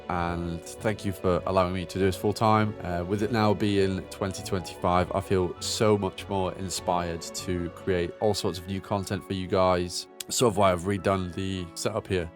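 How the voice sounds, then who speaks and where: Deep-voiced producer chatting over music. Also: male voice, steady tone, moderate pace, hardly any pauses. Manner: chatty, upbeat, lots of fillers and self-talk. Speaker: music producer, channel host. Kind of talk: casual tutorial commentary while producing. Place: home studio. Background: electronic music playing.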